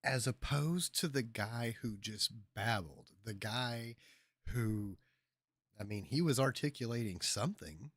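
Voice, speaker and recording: A man's voice: medium pitch, lively intonation, a little slow, a bit bright, no echo, studio quality. A man hosting a livestream, giving sarcastic, mocking political commentary and ranting over clips. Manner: sarcastic, ranting, mocks by repeating. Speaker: livestream host.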